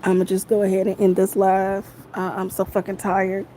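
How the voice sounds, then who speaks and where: A woman rants angrily into her phone on a livestream, swearing freely and circling back to the same phrases again and again. Her voice is warm and mellow, with a soft, dark tone even as she gets heated. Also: mid-range voice, normal speed, a little hiss or hum, rough recording. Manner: heated, profane, repeats phrases. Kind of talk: angry livestream rant.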